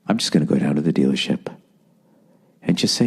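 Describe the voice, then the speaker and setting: A man's voice: a bass voice, animated, a little fast, gravelly, long pauses, husky. A man hosting a podcast alone, ranting in a rambling, sardonic way and swearing often. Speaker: podcast host. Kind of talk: solo podcast rant.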